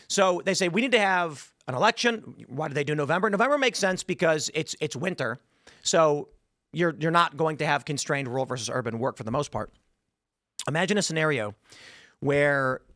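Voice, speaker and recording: Guy hosting a political talk show, kinda high voice, super dry close sound, argues hard and gets loud. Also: no room sound. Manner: intense, argumentative, builds to loud emphatic peaks. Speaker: podcast host.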